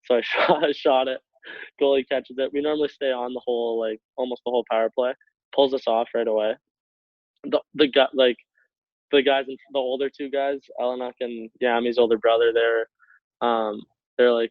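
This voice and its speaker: A man's voice: medium pitch, normal speed, dry recording. Young man laughing through a story, phone-line sound. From Canada. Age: young adult. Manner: laughs often while telling stories, relaxed, filler-heavy. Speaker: guest, hockey player. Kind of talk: casual storytelling. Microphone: call over internet. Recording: tinny phone-like line, dry.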